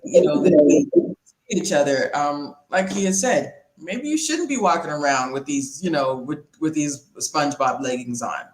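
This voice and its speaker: A woman raised in California hosting a casual panel discussion over a video call, speaking reflectively with many pauses. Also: low-pitched, expressive, a little mellow, slight background noise. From born in the US South, raised in California. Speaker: panel host. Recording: roomy echoey sound.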